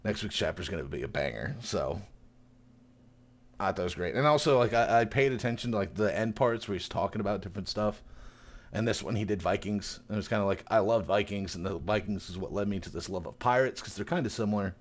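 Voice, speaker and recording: A man's voice: on the low side, quick pace. A man recapping a story in a casual podcast chat, acting it out eagerly and laughing often. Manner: animated storyteller who acts out quotes, laughs often. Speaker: podcast co-host, new reader.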